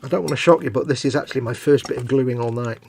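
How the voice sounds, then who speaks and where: A man's voice: mid-range voice, quick pace, creaky, a crowd in the background. A middle-aged man co-hosting a live hobby stream, chatting casually and teasing while he builds models. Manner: jokey, rambling, teasing.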